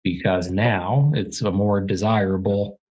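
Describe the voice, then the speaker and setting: A man's voice: on the low side, fairly even intonation, measured pace, a little mellow, dull audio. A man co-hosting a real estate podcast, talking in a heated, blunt, ranting way with some swearing. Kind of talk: casual podcast chat. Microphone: studio podcast microphone.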